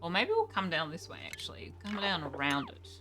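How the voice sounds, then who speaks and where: A young woman streaming a game, chatting casually and thinking aloud, reacting with quick surprise to what happens. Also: on the low side, wildly swooping pitch, over music. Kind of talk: casual live gameplay commentary.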